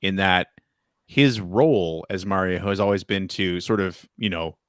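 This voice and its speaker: A man's voice: deep voice, clear, resonant tone, no echo, clean studio sound. A man, a podcast co-host with young kids, chatting casually and restarting his sentences often. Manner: halting, many restarts. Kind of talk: casual chat.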